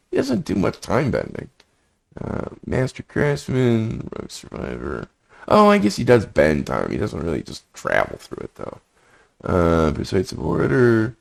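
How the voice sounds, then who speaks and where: A man's voice: deep voice, vocal fry. A man walking through a screen demo, reading generated text aloud and muttering his thoughts between passages. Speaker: prompt engineering instructor.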